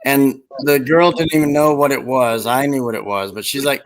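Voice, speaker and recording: Casting: man, mid-pitched, rambling storyteller, casual podcast chat. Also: steady tone, normal speed, low-quality recording. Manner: rambling, laughs at own stories.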